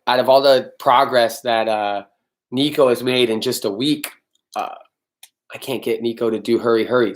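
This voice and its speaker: A dog trainer hosts a casual live-stream Q&A, answering viewers by name in a blunt manner and swearing freely. His voice is medium in pitch.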